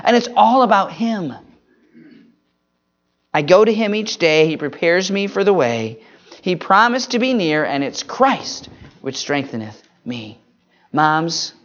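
A preacher giving an earnest Mother's Day sermon and prayer, quoting scripture slowly and stressing single words. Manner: earnest, swings between emphatic rises and soft low drops. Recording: dull lo-fi recording.

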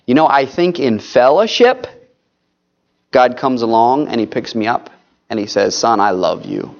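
A man preaching a sermon to his congregation in an earnest, pleading way, repeatedly calling them folks. His voice sits at a middle pitch. The recording is dull and lo-fi. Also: sing-song, unhurried.

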